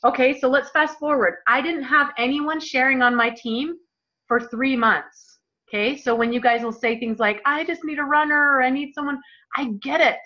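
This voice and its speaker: A woman leading a motivational team call, telling her story in a gushing, excited way and talking straight to her listeners as "you guys.". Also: high-pitched, normal speed. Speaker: team leader. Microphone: phone or computer call. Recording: muffled lo-fi call audio.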